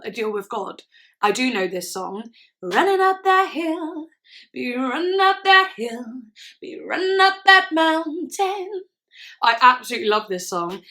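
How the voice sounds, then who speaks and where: A woman's voice: a little high, sharp tone. A young woman chats enthusiastically as she reacts to music, sometimes singing along. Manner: chatty and enthusiastic, sings along to snippets. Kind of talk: casual reaction chat. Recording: music playing faintly behind the voice. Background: song playing in the background.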